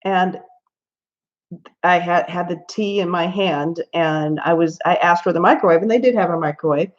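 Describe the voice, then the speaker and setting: A Southern American woman hosts a laid-back coloring livestream, chatting and telling stories full of laughter and asides. Her voice sits fairly low and moves at a moderate pace. The stream audio is lo-fi and a little dull.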